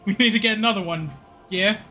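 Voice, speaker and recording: A man putting on a deliberately bad English accent to play a crude, joking Henry the Eighth. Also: high-pitched, pushed and bright, voice pushed up. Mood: goofy. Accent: exaggerated English put-on. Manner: sloppy, joking.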